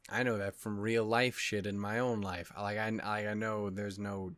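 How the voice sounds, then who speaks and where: Here a man hosts an anime reaction video in a lowish, level voice at normal speed, slightly bright and free of echo. He's tired, yawning, and upset, cursing and rambling with frequent restarts in a casual vlog style.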